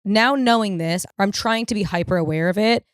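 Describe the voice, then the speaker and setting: A woman's voice: mid-range voice, brisk, smooth, no room sound, studio quality. A young woman hosting a podcast, telling rambling, profane stories in a casual comedic monologue. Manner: rambling, profane, animated storytelling. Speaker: podcast host.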